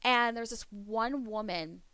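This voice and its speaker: A woman from Pennsylvania streaming, chatting casually with viewers in a rambling way, swearing freely and a bit hoarse from losing her voice. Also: fairly high pitch, slow pace, bright, forceful tone, no room sound.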